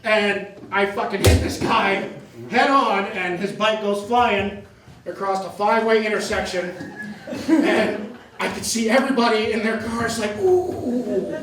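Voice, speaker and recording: High-voiced man telling stand-up stories. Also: steady tone, a little slow, fairly bright tone, slight background noise. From Maine, US. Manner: rambling storytelling, self-deprecating. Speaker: stand-up comedian. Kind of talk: stand-up comedy set. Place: comedy club stage. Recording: echoey room from a distance. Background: audience laughter.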